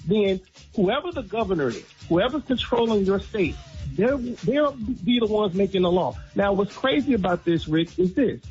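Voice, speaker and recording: A man's voice: high-pitched, darkish tone. Earnest male radio guest, slightly lo-fi. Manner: earnest, explanatory, emphatic. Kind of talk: casual radio commentary. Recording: dull lo-fi line with faint music.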